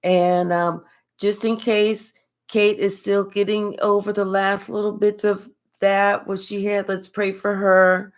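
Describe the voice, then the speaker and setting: Slow-talking older woman reading live. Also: medium pitch. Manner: slow, relaxed, affectionate, thanks viewers by name. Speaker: spiritual reader hosting a live stream. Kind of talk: casual live-stream chat.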